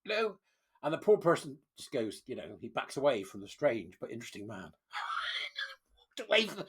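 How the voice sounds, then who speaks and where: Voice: medium pitch, wildly swooping pitch, moderate pace, long pauses, a bit bright, breathy edge. A vlogger mocking a news story, reading out quotes, scornful and laughing often. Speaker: commentary vlogger.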